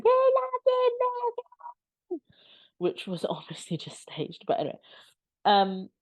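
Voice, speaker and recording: A woman giving casual, opinionated commentary as a vlogger, sarcastic and exasperated. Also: medium pitch.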